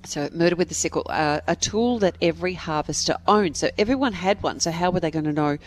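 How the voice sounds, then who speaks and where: A woman co-hosting a podcast, reading out listener mail in a relaxed, playful way. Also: on the low side, quick pace, slight background noise. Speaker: podcast co-host.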